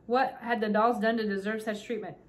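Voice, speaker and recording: A woman's voice: medium pitch, fairly even intonation, fairly quick, natural voice. A woman reading as a pompous tiny doll king. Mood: haughty. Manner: pompous, dry, formal. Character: fussy, haughty tiny doll-sized king, male.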